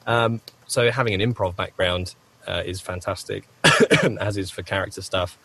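Rambling low-voiced man. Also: steady tone, moderate pace, fairly bright tone, a little hiss or hum. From United Kingdom. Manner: rambling, self-correcting, frequent coughs. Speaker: voice actor guest. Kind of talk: conversational interview answers. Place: home recording booth.

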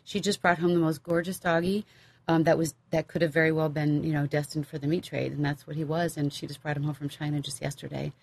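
Chatty low-voiced Maryland woman. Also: fast, vocal fry, husky, no room sound. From Maryland, USA. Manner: chatty and animated, breaks into playful voices. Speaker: voiceover coach and guest. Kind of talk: casual chat. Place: home recording booth with others and dogs present.

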